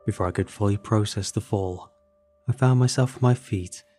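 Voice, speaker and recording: A man reading a first-person horror story in a measured, dramatic way. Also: on the low side, dark tone. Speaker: narrator. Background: faint background music.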